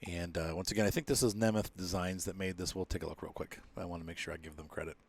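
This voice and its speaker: A man's voice: deep voice, fairly even intonation, quick pace. A man giving casual commentary as he reviews an airplane in a flight simulator, rambling with many fillers and restarts.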